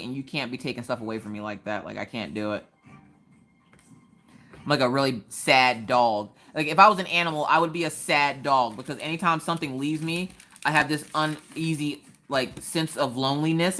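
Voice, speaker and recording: A woman hosting a casual live craft stream, chatting in an animated way and answering viewers' comments. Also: low voice.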